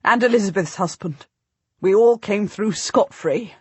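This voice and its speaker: A woman's voice: mid-range voice, a little slow, a little mellow, slightly rough, no room sound. A woman reading the lines of an earnest, loving knight husband in an audiobook. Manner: earnest, emphatic.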